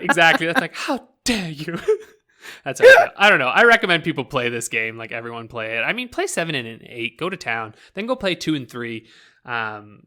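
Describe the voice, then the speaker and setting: A man from Canada in casual podcast chat, his voice bright and his pitch swinging widely. He talks animatedly, laughs a lot and drops casual swears. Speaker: podcast co-host.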